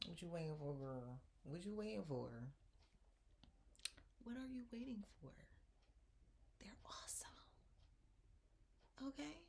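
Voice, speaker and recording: A woman's voice: medium pitch, creaky, a little hiss or hum. A young adult woman, telling a story in a casual vlog and acting out the quotes with lots of laughter. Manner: animated, laughs often, acts out quotes. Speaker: vlogger.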